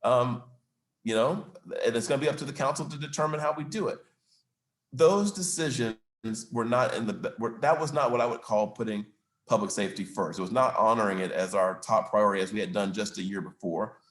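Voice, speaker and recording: Emphatic man as a city mayor making his case, medium pitch, recorded in a reverberant room. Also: a little fast. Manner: emphatic, argumentative, stresses facts and figures. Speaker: mayor speaking at a chamber of commerce event. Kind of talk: public Q&A answer. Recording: roomy, echoey room.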